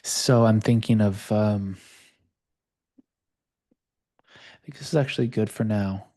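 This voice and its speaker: A man hosting a live video call session, calmly coaching a participant and talking openly about his own past. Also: fairly low pitch, takes it slowly. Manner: calm, reflective, speaks of own past openly.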